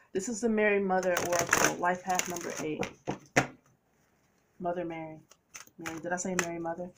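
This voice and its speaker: A woman's voice: fairly low pitch, normal speed, creaky, pauses often, very noisy. A woman giving a tarot reading to her viewers, talking in a chatty, playful way with preachy asides. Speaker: tarot reader. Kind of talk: casual tarot reading monologue.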